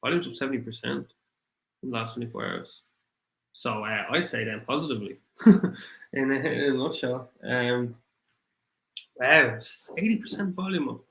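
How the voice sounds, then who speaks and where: Gravelly Irish man, roomy echo. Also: mid-range voice, moderate pace, long pauses, a bit bright. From Ireland. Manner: rambling, apologetic, thinks aloud with many fillers. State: voice getting rough after two hours of talking. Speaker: crypto livestream host. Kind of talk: casual livestream chat, reading viewer comments.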